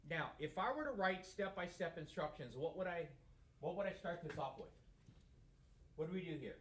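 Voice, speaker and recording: Man, math teacher, classroom lecture, slightly high voice, roomy echo, asks and answers his own questions. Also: animated, normal speed, a bit bright, a little hiss or hum. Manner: conversational, asks questions and answers them himself. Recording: echoey room.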